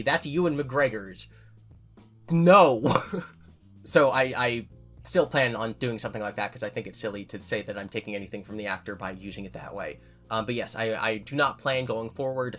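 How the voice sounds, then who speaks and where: Responding to viewer comments as a YouTuber, this man speaks in a fairly low-pitched, fairly bright voice. His commentary is casual and candid, and he corrects himself while thinking things through out loud.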